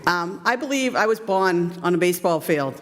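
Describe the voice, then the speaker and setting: A woman's voice: on the low side, lively intonation, moderate pace, a little hiss or hum. A woman in her fifties, a youth baseball coach, giving a chatty, self-deprecating storytelling speech full of ums. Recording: long hall reverb.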